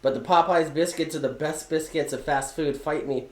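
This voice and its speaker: A man with a slightly raised voice tells loose, rambling stories in a relaxed chat, breaking into giggles at his own lines. The room around him is echoey. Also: a little high, moderate pace. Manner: rambling anecdotes, giggles often at own jokes. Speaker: podcast co-host. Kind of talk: casual storytelling chat.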